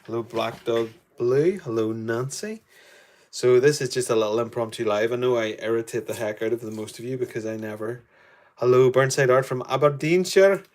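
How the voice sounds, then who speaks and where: A man's voice: mid-range voice, fairly even intonation, fairly quick, darkish tone. A man with a Northern Irish accent, chatting casually as he runs a live painting demo and greets viewers by name. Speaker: art tutor streaming live.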